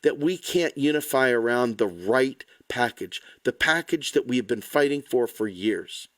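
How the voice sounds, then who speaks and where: A man's voice: medium pitch, lively intonation, a little slow, fairly bright tone, no echo. A man delivering an impassioned, angry, blunt political rant to the camera, swearing freely. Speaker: political commentator.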